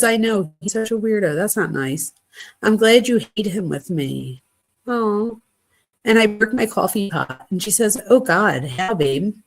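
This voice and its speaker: A woman hosting a true crime channel, reading text messages aloud in a plain conversational voice with quick asides. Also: medium pitch.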